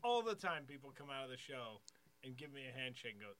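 A man's voice: fairly high pitch, very animated, fairly quick, crowd noise. A man co-hosting a comedy chat, telling light anecdotes with a laid-back, chuckling manner. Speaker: podcast co-host. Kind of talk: casual banter.

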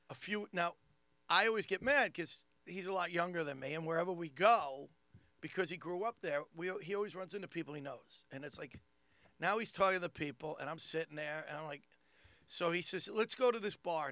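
A man's voice: fairly high pitch, normal speed, dry recording. A man with a thick Long Island accent, a comedian telling a story in casual chat and acting out the people in it. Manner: animated, acts out people in his stories. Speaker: comedian and podcast host.

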